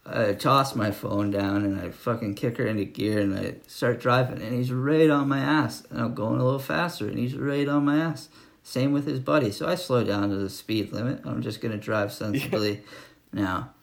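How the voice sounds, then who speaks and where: A man's voice: mid-range voice, moderate pace, creaky. Profane, rambling man. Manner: profane rambling storyteller, frequent laughs. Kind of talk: casual chat.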